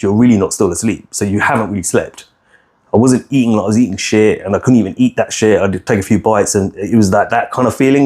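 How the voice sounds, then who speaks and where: Frank, low-voiced man telling his story. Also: a little mellow. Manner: frank, rambling, swears freely, many restarts. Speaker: podcast co-host. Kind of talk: candid personal storytelling.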